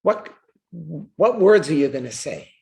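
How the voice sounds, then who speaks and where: A man's voice: fairly high pitch, sing-song, measured pace, a little mellow. An older man, a rabbi, giving an earnest memorial lecture, telling a story and repeating words for emphasis. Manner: earnest, repeats words for emphasis, reads quotes aloud with feeling. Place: synagogue hall.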